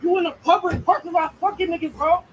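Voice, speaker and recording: A man heckling and mocking someone in a phone video, repeating his taunts and yelling. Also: very high-pitched, fairly even intonation, fast talker, lo-fi sound, a little hiss or hum.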